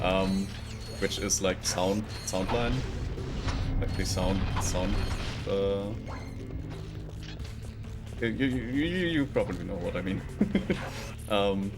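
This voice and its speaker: A native German man talks through his gameplay as a VTuber streamer, unhurried and a little low in pitch. He keeps stopping and restarting his sentences with fillers. Loud game music plays behind him throughout. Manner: hesitant, many restarts and fillers. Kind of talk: casual gameplay commentary.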